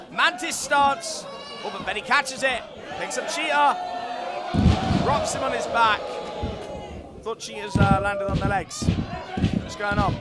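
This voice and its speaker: A wrestling commentator with a very high voice calls a match live, excitable and joking, often shouting over the action. Inside the venue, loud crowd and arena noise fill the recording.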